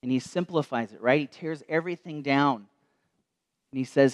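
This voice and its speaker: Preacher, male, mid-pitched, reflective storyteller, slows down on key lines. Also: muffled recording. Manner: storytelling, slows and softens for quoted words. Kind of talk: sermon. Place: church.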